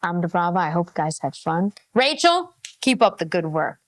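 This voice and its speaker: A woman's voice: fairly low pitch, big pitch swings, normal speed, no room sound. A woman commentating on a clip, mocking and laughing, often repeating "okay". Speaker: reaction commentator. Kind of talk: reaction commentary.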